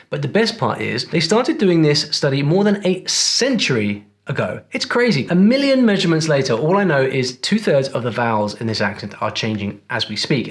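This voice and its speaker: A man narrating a scripted video in a playful, teasing way, talking straight to the viewer. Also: mid-range voice.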